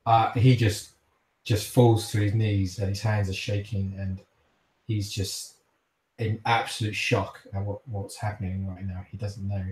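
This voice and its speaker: Low-voiced male game master. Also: flat delivery, unhurried, a little mellow, roomy sound. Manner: vivid, gory narration with many restarts. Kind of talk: narrating a tabletop game.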